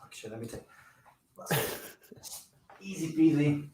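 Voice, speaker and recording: Joking man on a headset, slightly high voice. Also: animated, mellow. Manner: joking, fast-talking, self-mocking. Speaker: sales trainer cold calling on a stream. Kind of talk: casual banter and sales calls.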